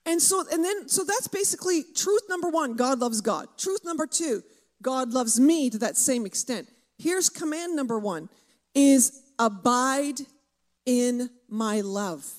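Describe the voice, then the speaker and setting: A woman with a high voice delivers a sermon. She preaches fervently and slows down to drive key words home. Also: lively intonation, a little mellow.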